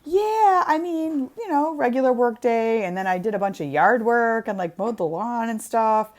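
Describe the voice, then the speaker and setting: A woman's voice: on the high side, lively intonation, moderate pace, a little mellow. Chatty joking woman hosting a stream. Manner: chatty and joking, greets viewers by name. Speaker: co-host. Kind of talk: casual livestream chat.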